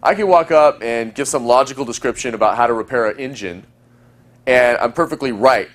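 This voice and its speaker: A man in the middle of his range, teaching in a fast, chatty flow. He coaches listeners on dating and slips into playful example lines. His delivery is conversational, like a recorded lesson. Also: medium pitch.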